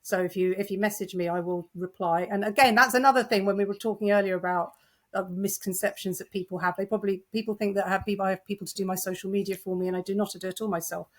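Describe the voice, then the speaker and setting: A middle-aged British woman with a British accent, a novelist guest chatting in an interview, animated and self-deprecating with frequent laughs. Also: medium pitch, quick pace. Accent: British English. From United Kingdom. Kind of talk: conversational interview.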